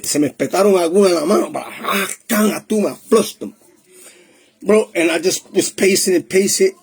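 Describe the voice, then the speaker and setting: A man recounts his own testimony in a high, husky voice. He talks in a streetwise, emotional way and slips Spanish phrases into his English. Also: brisk. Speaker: testimony speaker. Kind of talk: personal testimony storytelling.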